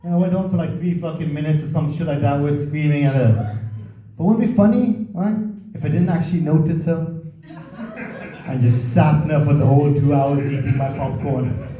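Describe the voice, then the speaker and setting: Onstage at a comedy club, a man with a fairly high, mellow voice delivers a crude stand-up set laced with swearing at a moderate pace, chatting casually with the crowd. The club recording sounds roomy, distant and dull.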